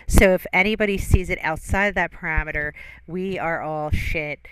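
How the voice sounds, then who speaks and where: A woman's voice: lowish voice, normal speed, smooth, no room sound. A woman giving casual, sarcastic commentary and teasing the host.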